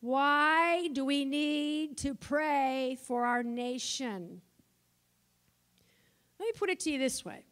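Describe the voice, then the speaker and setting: A woman preaching a sermon, passionate at times and soft in her asides. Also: high-pitched, slow pace, long pauses. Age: older. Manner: impassioned, swings from shouting to soft asides.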